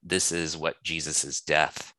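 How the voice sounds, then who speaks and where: A man's voice: rumbling low, little pitch movement, slow, sharp tone, dry recording. A male scholar explaining ideas from his book in a thoughtful, hedging way, with many fillers and restarts. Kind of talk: conversational explanation.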